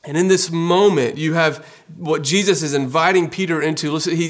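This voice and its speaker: A man's voice: fairly high pitch, normal speed. Earnest man preaching a casual sermon. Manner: conversational, earnest, many fillers like "you know". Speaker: pastor.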